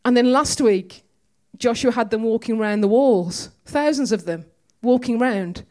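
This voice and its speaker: A woman's voice: a little high, a little slow, a little mellow. A woman giving a conversational, storytelling sermon in a church. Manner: chatty, storytelling, with humor. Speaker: preacher.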